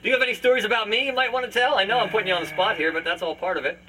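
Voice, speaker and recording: Host, male, high bright voice, mic at a distance, laughing storyteller doing voices. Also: steady tone, very fast, slight background noise. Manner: laughs often, acts out voices in anecdotes. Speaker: podcast host and musician. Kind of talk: casual family storytelling. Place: family home, live remote.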